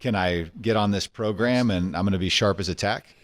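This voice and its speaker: A man with a very low voice speaks in an interview, where he works in health tech as an entrepreneur and investor. He asks thoughtful questions that wind on at length. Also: brisk.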